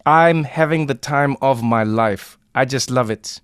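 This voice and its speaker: A man hosting a casual podcast chat, a playful and animated storyteller who acts out the people he talks about. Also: medium pitch, measured pace, clean tone, dry recording, studio quality. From South Africa. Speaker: podcast host.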